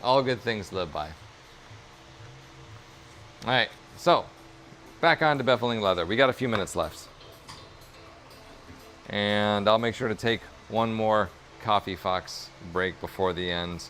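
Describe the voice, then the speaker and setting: Soft background music plays as this man, a leather crafter streaming from his workshop, chats in a lowish, slightly bright voice. He's unhurried and pauses often, yet stays upbeat and encouraging, rambling casually with fillers.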